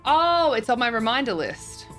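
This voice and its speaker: A woman's voice: on the high side, sing-song, normal speed, a bit bright, faint music behind. A young woman streamer chatting casually as she reads and answers viewer messages, often giggling.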